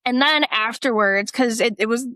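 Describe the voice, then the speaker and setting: A woman's voice: fairly high pitch, normal speed, no room sound. A woman co-hosting a podcast, telling a personal story in casual conversation and acting out what people said. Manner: animated storytelling, acts out quoted voices. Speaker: podcast co-host.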